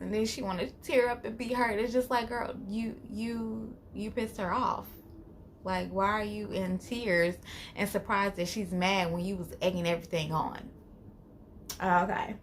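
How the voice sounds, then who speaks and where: A woman's voice: mid-range voice, measured pace, slight background noise. A woman hosting her own channel, recapping a reality TV episode in a casual, opinionated way with lots of fillers. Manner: animated, opinionated, filler-heavy. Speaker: channel host.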